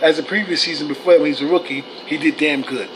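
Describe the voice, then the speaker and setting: A man with a notably high voice delivers a heated, profane fan rant, blunt and scolding toward his viewers. He gets animated and loud at times. A faint hiss sits under the recording. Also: fast, poor audio. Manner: animated, swings to shouting. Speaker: sports fan commentator.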